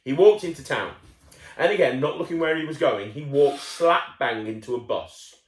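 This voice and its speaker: A man's voice: on the high side, animated, moderate pace, echoey room. A man reading a children's picture book aloud, playful and chatty, breaking off to talk with the child listening. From United Kingdom. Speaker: children's storyteller.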